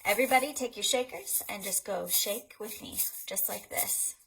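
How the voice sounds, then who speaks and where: A young woman, a children's librarian, chatting through rhymes and games for little kids at home, chatty and clear in her explanations. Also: mid-range voice, a bit bright, slight background noise, low-quality recording. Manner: chatty, explains activities then sings rhymes slowly. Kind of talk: online storytime for toddlers. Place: indoors at home.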